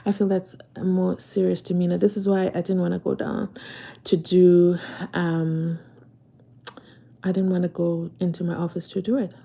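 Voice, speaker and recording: A woman hosting a casual live stream from her phone, chatting away and swinging from loud excited pleas to soft whispered asides. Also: on the low side, moderate pace, vocal fry.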